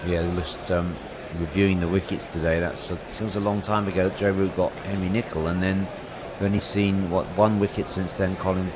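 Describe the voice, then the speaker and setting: A man's voice: low-pitched, little pitch movement, fairly quick, few pauses, noisy background. A man co-commentating cricket on radio, teasing and provoking his partner with pointed questions.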